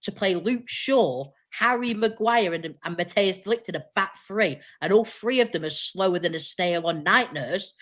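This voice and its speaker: A woman's voice: mid-range voice, normal speed, few pauses, a bit bright. A woman speaking as a football pundit in a casual panel debate, exasperated and sarcastic.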